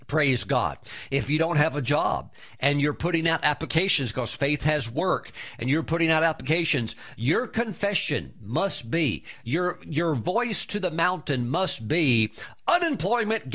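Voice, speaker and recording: A pastor delivers a sermon in a slightly higher-pitched voice. His delivery is emphatic, and he climbs in pitch and volume whenever he acts out bold spoken commands. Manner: emphatic preaching, commands spoken loudly in quoted prayers.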